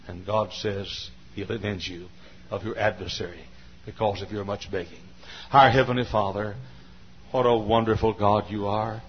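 A male pastor preaching a sermon from a church pulpit, repeating phrases and swinging from hushed tones to shouting. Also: on the low side, fairly even intonation, normal speed, a little hiss or hum. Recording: dull lo-fi sermon recording.

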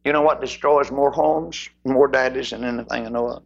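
A man preaching a sermon who moves emphatically between loud declarations and hushed asides. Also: mid-range voice, fairly even intonation, fairly quick, vocal fry, muffled recording.

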